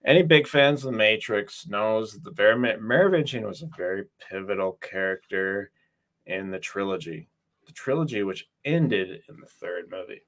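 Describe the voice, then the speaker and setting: A man's voice: lowish voice, expressive, normal speed, a bit bright. A man chatting casually while reacting to a movie, sarcastic and profane. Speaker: movie commentator.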